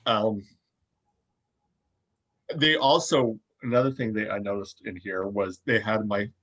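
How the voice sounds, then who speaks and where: A man's voice: on the low side, fairly even intonation, measured pace, a bit bright, lo-fi sound. A man co-hosting a show, speaking thoughtfully and searching for his words as he goes. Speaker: podcast co-host. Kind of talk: casual chat.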